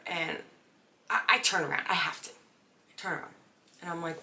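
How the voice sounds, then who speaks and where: A young woman hosts a casual podcast, chatting about her week with lots of swearing and quoted voices. Her voice sits a little low, and she tells the story in an animated way. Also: a little fast. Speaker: podcast host. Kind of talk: casual chat.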